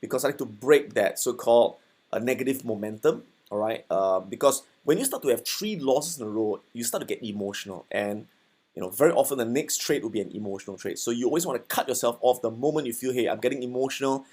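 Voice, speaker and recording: A man's voice: medium pitch, expressive, fast, darkish tone, breathy edge. A man teaching trading in a casual recorded lesson, talking conversationally and often checking in with his listeners. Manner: conversational, checks in with "okay" and "right". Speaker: forex trading instructor.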